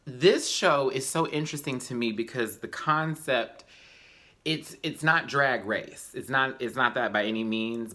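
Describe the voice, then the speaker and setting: A young man talks straight to camera in a loose, slangy review, tired but animated. His voice is bright and forward, and it leaps high when he gets excited. He sounds casual, as if it is late at night. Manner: chatty, animated, slangy, with high-pitched exclamations. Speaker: YouTube reviewer.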